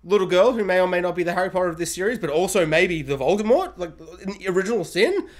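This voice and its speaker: Self-mocking Australian male reviewer with a lively, bouncing delivery. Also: high-pitched, fast talker. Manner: rambling, self-mocking, laughs often. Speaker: video reviewer. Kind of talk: casual video review.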